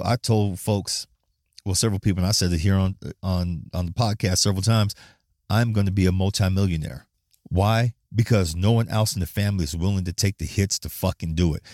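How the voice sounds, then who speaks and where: A man from Flagstaff, Arizona, hosting a podcast with a blunt, profane, animated casual monologue, often breaking into laughs. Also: on the low side, no echo, studio quality. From Flagstaff, Arizona, USA. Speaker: podcast host.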